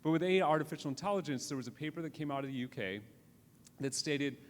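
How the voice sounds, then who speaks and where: A man's voice: a little high, fast talker. A man giving a live conference lecture in a conversational way, with frequent restarts and "right?" tag questions. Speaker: conference speaker. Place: conference hall. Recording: reverberant hall with faint noise.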